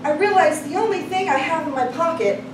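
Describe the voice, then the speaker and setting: High, lively woman telling a story. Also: brisk. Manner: animated, acts out quoted voices, laughing often. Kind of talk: live personal storytelling. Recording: echoey room, distant mic, noisy.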